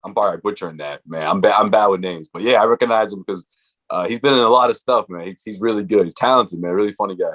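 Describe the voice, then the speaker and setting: A man co-hosting a podcast in laid-back casual chat, slangy and quick to laugh. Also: fairly low pitch, fairly bright tone. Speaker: podcast co-host.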